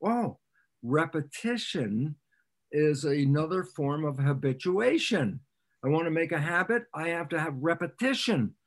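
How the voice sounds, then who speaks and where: Animated man explaining to a podcast host. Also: a little high, a little slow. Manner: animated storyteller who acts out quoted exchanges; repeats phrases for emphasis. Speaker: podcast guest, cell biologist. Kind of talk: explanatory interview talk.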